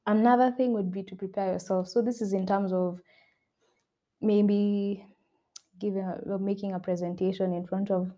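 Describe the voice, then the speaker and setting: A woman's voice: medium pitch, steady tone, normal speed, dark tone, muffled recording. A young woman hosting a self-help podcast, talking earnestly and repeating her points for emphasis. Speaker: podcast host. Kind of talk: motivational self-help talk.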